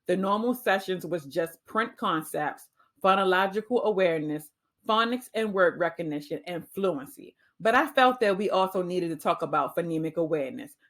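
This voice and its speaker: A woman's voice: on the low side, expressive. A woman teacher giving a reading-skills training talk, patiently sounding out letter sounds. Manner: clear, patient, sounding out phonemes slowly.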